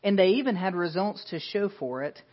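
A man preaching a sermon in an earnest, emphatic way, asking his listeners questions. His voice sits a little high for a man. The recording has a dull, lo-fi sound. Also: expressive, a little fast. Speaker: pastor.

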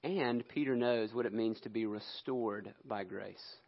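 A male preacher telling a scripture story in an animated sermon, acting out the quotes. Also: on the low side, unhurried, vocal fry, muffled recording.

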